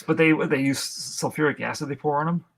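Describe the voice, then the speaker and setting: A man's voice: fairly high pitch, fairly quick, vocal fry. A man co-hosting a podcast, casually recapping a horror film's plot with dry, laid-back jokes. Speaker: podcast co-host. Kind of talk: casual film review chat.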